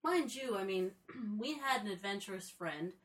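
A woman's voice: mid-range voice, expressive, moderate pace. A woman co-hosting a casual podcast chat, dropping dry, teasing asides. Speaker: podcast co-host.

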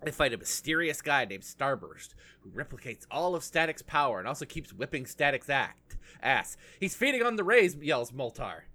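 A sarcastic man recaps a cartoon episode in loose podcast chat. His voice is bright and his pitch swings widely. He rambles through lots of fillers and trailing asides. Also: lively intonation, moderate pace, few pauses. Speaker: podcast co-host.

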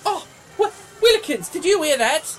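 A woman playing a pompous, oblivious wealthy young gentleman in a comedy radio sketch. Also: high-pitched, sing-song, moderate pace, soft background music. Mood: smug. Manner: posh, theatrical, giddy.

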